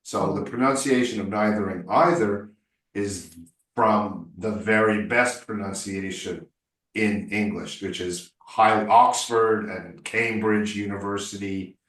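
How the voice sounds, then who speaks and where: Brief: lower-voiced male speaking coach, emphatic, heard from a distance. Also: fairly even intonation, takes it slowly, fairly bright tone. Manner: emphatic, corrective, playful. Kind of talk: one-on-one tutoring session. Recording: roomy echo, distant mic.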